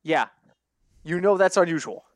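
A young man co-hosting a casual sports betting podcast, telling stories with lively acted-out quotes and frequent laughter. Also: fairly high pitch, normal speed, no echo. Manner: animated storyteller, acts out quoted voices, laughs often. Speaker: podcast co-host.

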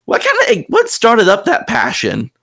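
A man's voice: very high voice, wildly swooping pitch, a little slow, vocal fry, pushed and bright, husky. Rambling Southern man hosting a podcast. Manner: rambling, many fillers and restarts. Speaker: podcast host and game master. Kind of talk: casual podcast chat.

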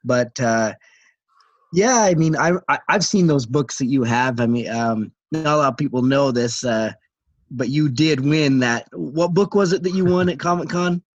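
Man, middle-aged, podcast co-host, animated storytelling, fillers, dry dull lo-fi mic. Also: mid-range voice, normal speed, no echo. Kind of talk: casual podcast chat.

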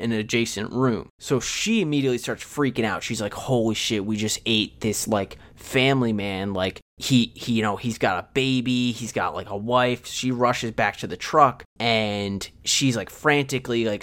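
A man co-hosting a podcast, rambling through a movie plot recap in casual chat and slipping in quick quoted lines. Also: on the low side, a bit bright. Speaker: podcast co-host.

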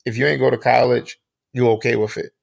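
A man's voice: mid-range voice, fairly even intonation, a little fast, gravelly, dry recording. A man co-hosting a podcast, a profane storyteller who acts out the voices he quotes. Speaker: podcast co-host. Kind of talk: casual chat.

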